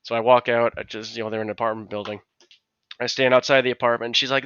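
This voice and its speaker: A man's voice: mid-range voice, fairly even intonation, fast, a bit bright, smooth, dry recording, lo-fi sound. A man co-hosting a podcast, telling a long anecdote in casual chat, rambling with many restarts and acted-out quotes. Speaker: podcast co-host.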